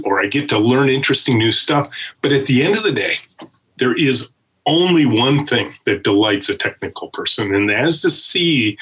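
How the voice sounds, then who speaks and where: A man who is a tech founder and guest, telling stories with lots of emphasis. His voice is slightly husky and jumps around in pitch. He keeps checking in with a quick "right?". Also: rough recording. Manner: animated, emphatic, with frequent "right?" tags. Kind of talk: conversational storytelling.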